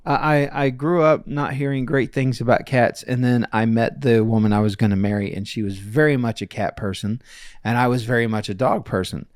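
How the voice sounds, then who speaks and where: A man's voice: mid-range voice, dry recording, clean studio sound. A man in his forties, a podcast co-host, telling family stories in a rambling, chuckling way with many restarts. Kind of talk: casual chat.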